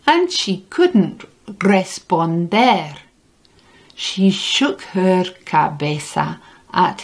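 Slow, gentle woman reading a storybook. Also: on the low side, slightly rough. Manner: gentle, expressive read-aloud, mixing Spanish words into English. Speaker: audiobook narrator. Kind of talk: children's storybook narration.

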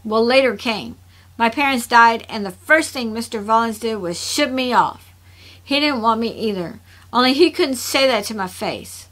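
A fiercely proud young woman, bitter and defensive, her voice bright and on the high side, as a woman reads her lines. She keeps everyone at arm's length. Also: moderate pace, lightly acted. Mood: hurt.

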